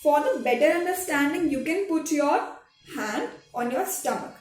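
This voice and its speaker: A woman, a drama teacher giving a slow, patient online lesson to children, repeating each step. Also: sits high, expressive, a little mellow. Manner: slow, repetitive, patient instruction. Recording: echoey room, recorded from some distance, faint music behind.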